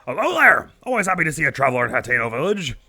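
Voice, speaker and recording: A man's voice: on the high side, big pitch swings, very fast, pushed and bright, voice pushed up, exaggerated voice. A man voicing a cheerful, proud father boasting about his daughter, reading game dialogue in a lifted voice. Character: cheerful middle-aged father, proud, rambling.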